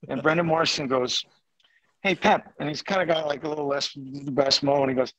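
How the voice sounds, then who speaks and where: A man with a fairly high voice tells a rambling, animated locker-room story, breaking into laughter now and then. The sound is dry and close, with little room around him. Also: fast talker, no room sound, poor audio. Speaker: guest storyteller, former hockey player. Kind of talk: animated anecdote telling.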